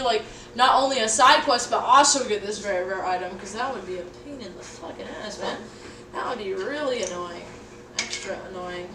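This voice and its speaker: A young woman casually chatting to her livestream audience while cooking at home, goofy and rambling, swearing now and then. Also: mid-range voice. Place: home kitchen. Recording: echoey room, mic at a distance, background noise.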